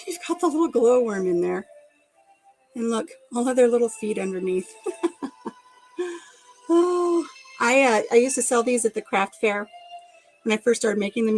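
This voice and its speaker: A woman's voice: a little high, darkish tone, poor audio. Chatty woman vlogging while tidying. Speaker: craft vlogger. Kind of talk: casual live-stream chat.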